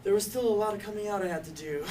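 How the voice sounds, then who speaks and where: A man's voice: sits high, quick pace. A young man telling his own coming-out story in a casual way, full of "like" and "you know" and light laughs. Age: young adult. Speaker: youth activist intern. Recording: distant mic, faint background noise.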